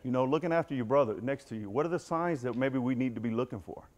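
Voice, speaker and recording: A man's voice: mid-range voice, quick pace, darkish tone, dull audio. A middle-aged man giving a candid personal recovery talk to a football team, telling his story and addressing the room directly. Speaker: motivational speaker.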